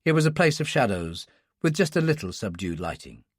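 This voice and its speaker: This is scripted narration of a thriller audiobook: a mid-range male voice, deliberate and expressive, captured dry with clean studio sound.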